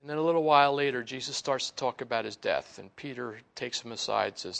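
A man's voice: medium pitch, fast, gravelly, hardly any pauses, a bit bright. A man preaching a sermon, telling a Bible story with acted-out quotes and frequent laughter. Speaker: pastor.

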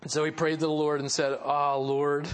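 A man's voice: a little high, flat delivery, quick pace. A man preaching a sermon in a casual, conversational way, with chuckling asides and frequent fillers. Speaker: pastor. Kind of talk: expository sermon.

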